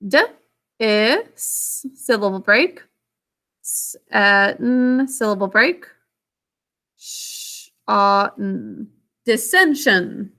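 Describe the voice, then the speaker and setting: A woman's voice: mid-range voice, slow, bright, forceful tone. A woman teacher leading a vocabulary and spelling lesson. She asks the class questions, calls on students by name, and patiently sounds out each syllable.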